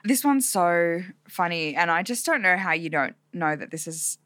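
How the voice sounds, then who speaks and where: A young woman co-hosting a podcast in casual chat, animated and swearing freely. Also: fairly low pitch, normal speed, dry recording. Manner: animated, swears freely, acts out quotes in exaggerated voices. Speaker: podcast co-host.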